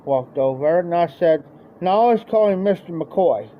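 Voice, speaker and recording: A man with a Midwestern American accent casually tells a rambling, folksy story during a live stream, voicing the people in it. His pitch is fairly high and expressive, and he talks at normal speed. The stream audio sounds dull and lo-fi, with a faint layer of noise.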